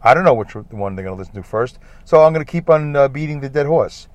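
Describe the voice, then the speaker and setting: A man's voice: mid-range voice, lively intonation, fast talker, no room sound, lo-fi sound. A man with a Brooklyn accent hosting a rambling solo podcast, chatty, repetitive and self-deprecating. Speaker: podcast host. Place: in a parked car.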